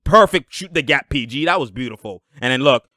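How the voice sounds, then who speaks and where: A man hosting a casual basketball breakdown over game footage, animated and laughing as he shouts at plays. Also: medium pitch, brisk, no echo. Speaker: basketball video host.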